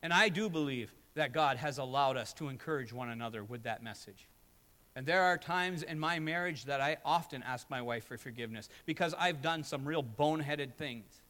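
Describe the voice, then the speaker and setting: A man's voice: mid-range voice, moderate pace, pushed and bright. A man preaching a sermon as pastor, emphatic and building with repeated phrases, in a church sanctuary. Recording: long hall reverb.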